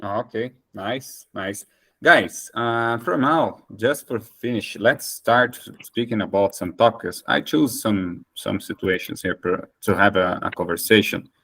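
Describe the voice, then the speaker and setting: A man leading a casual English practice conversation, speaking haltingly with many fillers, Portuguese his first language. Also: lowish voice, fairly bright tone, breathy edge. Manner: hesitant, many fillers and restarts. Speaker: conversation host.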